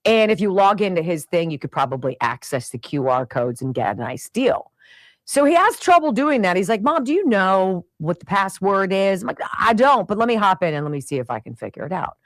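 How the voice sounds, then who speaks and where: A middle-aged woman hosting a radio show, telling a family story in an animated, exasperated way and acting out the voices of the people in it. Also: on the low side, a little fast, no room sound. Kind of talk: storytelling monologue.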